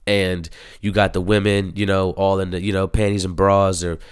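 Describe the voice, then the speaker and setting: A man's voice: sits low, flat delivery, normal speed, clean tone, no room sound, clean studio sound. A man giving a casual spoken review of a TV show, rambling and profane, with many fillers.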